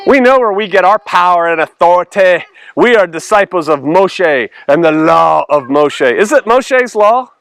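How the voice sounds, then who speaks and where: A man's voice: high voice, lively intonation, normal speed, creaky, a bit bright, clean tone. A male pastor teaching through a Bible passage in a conversational way, acting out the dialogue with sarcastic voices and laughter.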